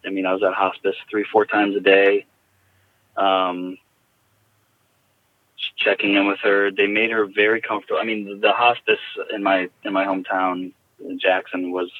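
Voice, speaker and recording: A man recounting a personal story in a halting, reflective way, heard over a tinny phone line. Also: deep voice, level tone, no room sound. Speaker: guest.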